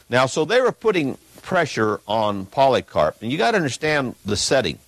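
A man preaching an emphatic sermon in a church, reading a text aloud and swinging between loud peaks and low asides. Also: no room sound, poor audio.

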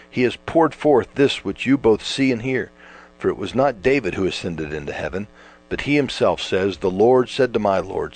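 A man preaching a sermon, emphatic, drawing out words for stress and swinging between loud and quiet. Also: mid-range voice. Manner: emphatic, rising and falling with stretched words. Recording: mains hum behind.

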